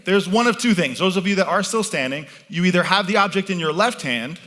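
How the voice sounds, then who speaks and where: A man's voice: high-pitched, lively intonation, brisk, a bit bright. A man performing as a mentalist, leading a live audience through a participation game from an event stage with commanding, playful patter.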